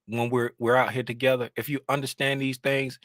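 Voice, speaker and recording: A man hosting a casual trading livestream from his home desk, rambling and animated, getting loud when he is fired up. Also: mid-range voice, a little fast, no room sound, studio quality.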